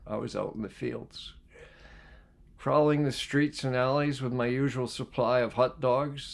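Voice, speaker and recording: A man reading a book aloud as a life skills coach. He reads reflectively and pauses to put questions to his listeners. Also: medium pitch, vocal fry. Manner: reflective, poses questions to listeners between passages. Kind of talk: reading aloud with spoken asides.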